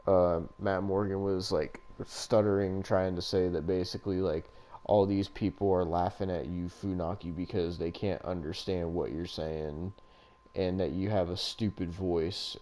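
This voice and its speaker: A man's voice: deep voice, warm tone. A man co-hosting a podcast, recapping a wrestling show in casual, rambling, profane chat and laughing often. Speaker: podcast co-host.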